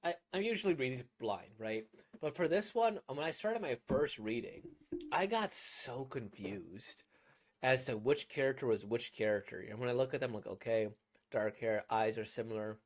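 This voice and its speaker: A man's voice: medium pitch, expressive, moderate pace. A man chatting casually about a comic he has read aloud. He rambles, fills gaps with "like" and "um", and picks apart his own performance. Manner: rambling, self-critical, many fillers. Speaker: manga reader and reviewer. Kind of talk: casual reaction commentary.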